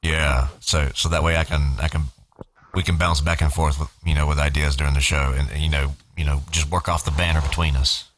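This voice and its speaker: A man's voice: rumbling low, level tone, fairly quick, fairly bright tone, slight background noise. A man hosting a casual group video chat, talking hesitantly with many fillers and restarts. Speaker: host planning a show.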